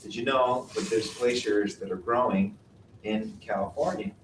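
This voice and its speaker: A man with a lowish voice and moderate pace delivers a classroom talk on glaciers as a mountaineering instructor. He poses questions to the class and explains patiently, recorded through a distant mic in a roomy space with light noise.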